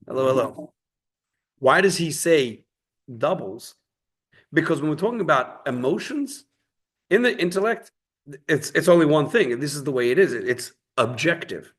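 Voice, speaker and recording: Man teaching a relaxed Torah class. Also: fairly high pitch, breathy edge. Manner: conversational, storytelling with quoted voices. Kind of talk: informal Torah class with stories.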